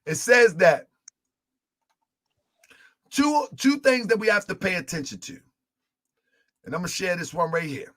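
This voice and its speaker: A man giving a religious teaching, retelling a story in an animated way with many fillers. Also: sits high, a little slow, long pauses.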